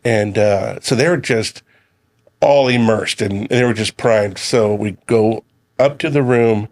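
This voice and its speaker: A middle-aged chef and community leader, guesting on a radio show, tells a long family story in casual chat. His lowish voice moves a little slowly and at an easy pace. A relaxed storyteller, he quotes his sons and himself along the way.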